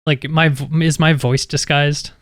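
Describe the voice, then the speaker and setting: Tabletop player, casual, rambling, fillers, smooth clear voice, dry sound. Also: medium pitch, steady tone, a little slow, dry recording. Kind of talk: tabletop game play.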